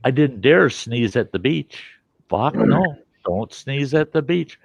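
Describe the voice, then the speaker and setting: A man's voice: medium pitch, expressive, slow pace, gravelly, a little hiss or hum. A man hosting a casual show and telling rambling, swearing anecdotes. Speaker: host. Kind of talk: casual storytelling. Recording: dull lo-fi dry sound.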